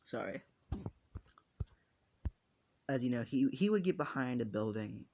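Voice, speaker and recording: A man's voice: mid-range voice, lively intonation, measured pace, creaky, darkish tone, muffled recording, a little hiss or hum. A man narrating an improvised fan story in a rambling, casual way, with many restarts and casual swearing.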